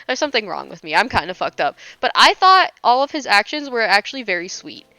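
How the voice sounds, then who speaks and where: A young woman streamer talks casually as she plays, gushing and teasing herself, with a lively, swooping voice. Her tone is bright and crisp, and it sounds dry and close. She laughs often and swears lightly. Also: mid-range voice, fast, dry recording. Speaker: livestreamer. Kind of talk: casual chat while gaming.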